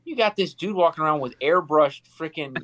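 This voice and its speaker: A man's voice: a little high, animated, fairly quick, fairly bright tone, low-quality recording. Man, podcast co-host, casual storytelling, acts out quotes.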